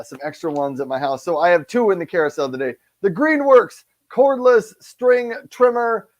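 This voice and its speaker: A man co-hosting a live shopping show, explaining the segments and his wish-list items in an upbeat, chatty way. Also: high voice. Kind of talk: casual live-stream product chat.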